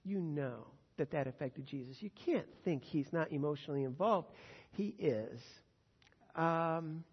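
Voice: mid-range voice, animated, measured pace, breathy edge, big-room sound, dull audio. A pastor teaching verse by verse through a Bible passage in a conversational, earnest way, with frequent fillers.

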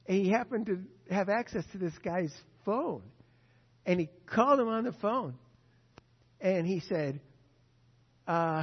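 A man's voice: high voice, animated, measured pace, long pauses, slightly rough. A man preaching a sermon, earnest and emphatic, repeating his key points. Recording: dull lo-fi sound with long hall reverb.

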